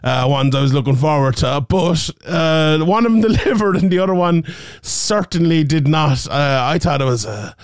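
Jokey man, fairly high voice. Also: animated, normal speed, dry recording, clean studio sound. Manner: jokey, rambling, self-correcting. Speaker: podcast host. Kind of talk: casual ad read and sports chat. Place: home office.

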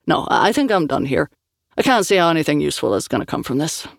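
A man's voice: fairly high pitch, sing-song, fast talker, gravelly, no echo, clean studio sound, heavily acted. A narrator doing a blunt swordsman. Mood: weary. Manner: blunt, exasperated. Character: ginger male swordsman, weary and blunt.

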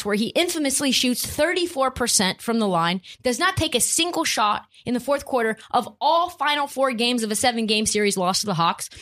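A woman hosts a sports podcast with an opinionated rant. Her voice sits on the high side and leaps around in pitch. She is blunt and emphatic and swears freely. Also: fairly bright tone. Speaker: podcast host.

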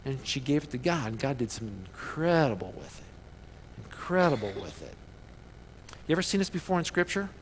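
A man preaching a sermon in an animated way, calling on the congregation to repeat lines back to him. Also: medium pitch, brisk, a little hiss or hum. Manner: animated, calls for congregation responses. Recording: long hall reverb.

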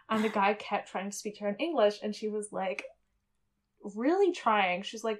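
A woman's voice: medium pitch, animated, moderate pace. A woman co-hosting a podcast in casual chat, talking with lots of fillers and frequent laughter. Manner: chatty, laughs often, many fillers. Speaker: podcast co-host. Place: Germany.

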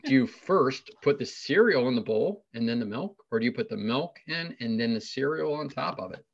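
A man co-hosts a loose podcast chat, firing off silly questions and laughing between them. His voice sits at an ordinary middle pitch. The recording sounds a bit dull and lo-fi. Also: big pitch swings, vocal fry, husky. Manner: joking, laughs often, rapid-fire playful questions. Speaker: podcast co-host. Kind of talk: casual interview chat.

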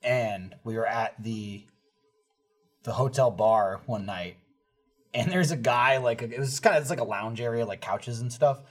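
A man's voice: mid-range voice, a little slow, slightly rough. A man on a casual group podcast, animatedly telling a story and acting out what people said. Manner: animated storyteller, acts out quotes. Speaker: podcast host.

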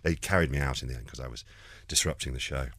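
A man's voice: extremely low pitch, fast, a bit bright, no room sound, clean studio sound. A man, a comedian guest, telling rambling stories in an interview and acting out the quoted lines. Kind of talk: anecdotal interview chat.

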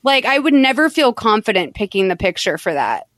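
A woman hosting a podcast, chatting casually as she retells a movie plot in an animated way. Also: medium pitch, fairly quick. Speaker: podcast host. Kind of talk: casual chat recapping a movie.

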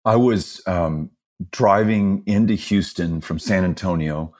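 Texan guy guesting on a podcast, low-ish voice, measured but impassioned. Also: darkish tone. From Texas. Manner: earnest storytelling, measured and impassioned. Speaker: guest, political candidate. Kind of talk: conversational interview.

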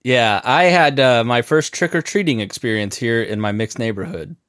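A man co-hosting a podcast, telling animated, funny anecdotes with frequent laughter. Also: mid-range voice, moderate pace, smooth, no room sound. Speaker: podcast co-host. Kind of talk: casual comedic chat.

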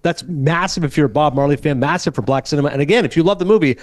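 Male podcast host, quick storyteller, slightly higher voice. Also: dry recording. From Canada. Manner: fast, chatty storytelling. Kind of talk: casual movie chat.

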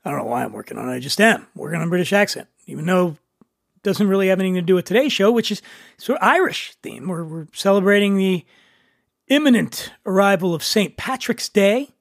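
High-voiced playful male podcast host. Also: lively intonation, a little fast, creaky, dry recording, clean studio sound. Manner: jokey, playful, teasing. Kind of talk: casual podcast chat.

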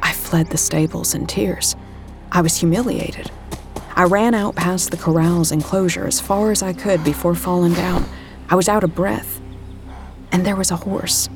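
Woman doing a haunted lady agent telling her story, lowish gravelly voice, faint music under. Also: steady tone, moderate pace, lightly acted. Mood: tense. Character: troubled female agent, haunted and tense. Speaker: narrator and lead character. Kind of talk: first-person audio drama narration.

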